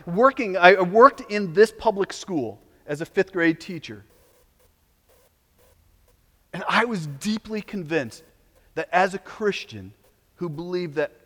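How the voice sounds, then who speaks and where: A man preaching a sermon as pastor, animated, sometimes mocking the voices of opponents. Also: a little high, big-room sound.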